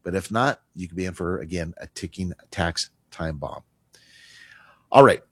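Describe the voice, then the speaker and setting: Husky-voiced male talk radio host. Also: low-pitched, moderate pace, a bit bright, no room sound. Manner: conversational, emphatic, drops voice for asides. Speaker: radio show host, retirement tax advisor. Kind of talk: talk radio advice segment.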